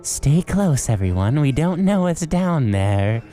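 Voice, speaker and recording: A cautious, witchy old lady ladybug, as a man puts her on, her voice pitched well above his own and swooping widely. She frets and warns in a quavering storybook voice. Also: very animated, slow, mellow, faint music behind. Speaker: podcast host reading a children's story.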